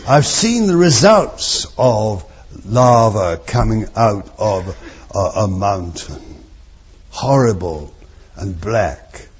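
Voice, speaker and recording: A male preacher delivering a fervent sermon at a slow, deliberate pace. His voice swings between soft, hushed phrases and loud, drawn-out exclamations. The recording is dull and lo-fi. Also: lowish voice, animated, slightly rough.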